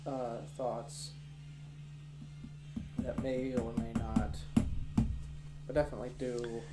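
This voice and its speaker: A man playing an awkward, hesitant young man who confides his troubles in a comedy sketch, with a halting, unsure delivery. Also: mid-range voice, little pitch movement, natural voice. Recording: echoey room with music playing.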